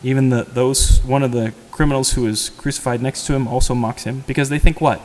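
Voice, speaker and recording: A man's voice: mid-range voice, fairly even intonation, fairly quick, a little mellow. A man giving a homily as a priest, in a conversational sermon style that poses rhetorical questions to the congregation. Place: church. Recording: long church reverb.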